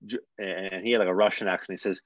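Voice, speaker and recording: A young man, a hockey player guest, telling stories casually in an animated way and swearing freely. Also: low voice, fast, no echo, dull audio. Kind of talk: casual storytelling.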